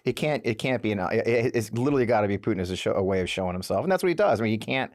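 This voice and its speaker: A man hosting a podcast in a casual, animated way, often stammering and sounding exasperated. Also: fairly low pitch, racing. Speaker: podcast host.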